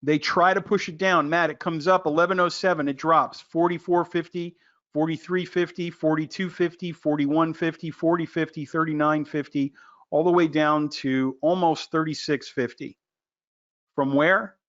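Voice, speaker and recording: Excitable man teaching with a lo-fi sound. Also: on the high side, moderate pace. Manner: excitable, loud, jokey, quizzes listeners by name. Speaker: trading educator. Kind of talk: animated screen-share trading lesson.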